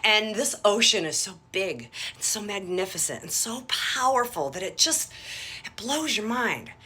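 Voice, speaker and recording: A woman's voice: medium pitch, animated, measured pace, bright, forceful tone, slightly rough. A woman giving an earnest, encouraging devotional talk to her viewers. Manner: earnest, encouraging, addresses viewers as "you guys". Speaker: faith vlogger.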